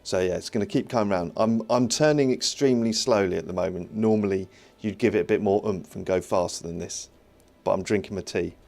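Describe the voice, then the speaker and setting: A man's voice: lowish voice, a little fast, creaky, a little mellow, soft background music. Chatty man talking through his game build. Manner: chatty, self-mocking, thinks aloud while working. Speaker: indie game developer streaming his build. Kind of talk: casual live-stream commentary, reading chat aloud.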